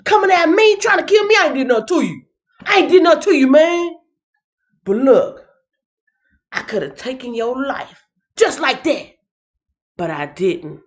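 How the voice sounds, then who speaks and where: A brash young man full of swagger, talking slang and hammering his points home by repeating them, as a woman puts him on. The voice sits raised and lively, and it climbs and dips a lot. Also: high voice, normal speed, pauses often, voice pushed up. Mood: defiant. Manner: slangy street talk, emphatic repeating.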